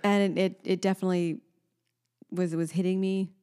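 A woman's voice: lowish voice, normal speed, smooth. A woman in her thirties talks in an easy, casual way as she co-hosts a conversation. She tells stories with energy and sometimes imitates her little daughter's voice. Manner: animated storyteller, acts out her daughter's voice. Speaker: podcast co-host. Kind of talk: casual chat.

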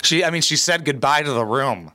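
A man's voice: a little high, animated, fairly quick, sharp tone. A man hosting a reaction video, mocking and sarcastic, with crude comedic commentary.

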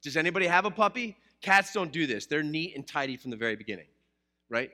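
A male pastor preaching a sermon in a church with a bright, forceful voice pitched a little high. He keeps it conversational, cracking jokes and asking the congregation questions as he goes. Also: quick pace. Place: church, addressing a live congregation.

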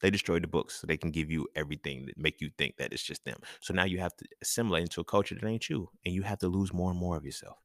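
A young man hosting a casual podcast monologue, talking in an animated, profane way and laughing often. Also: low-pitched, fast talker, hardly any pauses, dry recording, studio quality. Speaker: podcast host.

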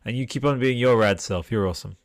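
A man's voice: medium pitch, fast talker, no echo, clean studio sound. A man hosting a podcast livestream, reading out viewer comments in a rambling, chatty way, tired and swearing freely. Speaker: podcast host. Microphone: desktop mic with headphones.

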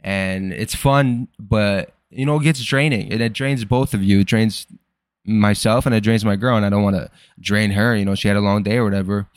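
A man's voice: on the low side, fairly even intonation, moderate pace, smooth, no echo, studio quality. A young man hosting a podcast, rambling through a casual, profane and self-deprecating personal monologue. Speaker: podcast host.

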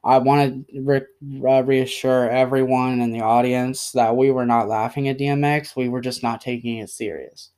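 Halting, apologetic young man, smooth flat voice. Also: medium pitch. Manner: halting and apologetic, many pauses and fillers. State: emotional. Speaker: podcast host. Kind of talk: solo podcast apology.

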